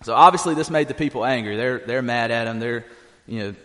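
A man preaching in an earnest, plain-spoken way, reading scripture and then explaining it while restarting his phrases. His voice sits in a middle pitch, and a long hall reverb trails after each phrase. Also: brisk, fairly bright tone. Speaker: pastor.

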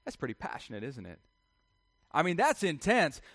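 Guy preaching, slightly high voice, dry close sound, lots of "don't we?" asides. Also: wildly swooping pitch, normal speed, a bit bright, no room sound. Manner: conversational preaching with rhetorical questions. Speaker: pastor. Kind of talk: sermon.

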